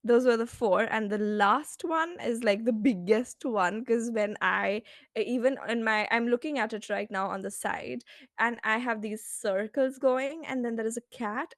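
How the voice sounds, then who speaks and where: A woman coach chatting as a podcast guest, telling animated stories and laughing often. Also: a little high, normal speed, no echo, clean studio sound. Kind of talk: casual podcast interview.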